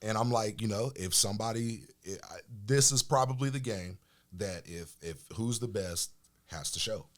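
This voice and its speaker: A middle-aged man from Oklahoma, a podcast guest telling casual, animated stories about his football days. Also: lowish voice, normal speed. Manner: animated storyteller, acts out quoted voices. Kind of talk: casual storytelling chat.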